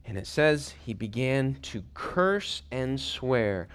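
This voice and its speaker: A male pastor preaching a sermon in a conversational, animated way, with folksy asides, who drops to hushed whispers when quoting. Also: medium pitch, slow, few pauses, smooth.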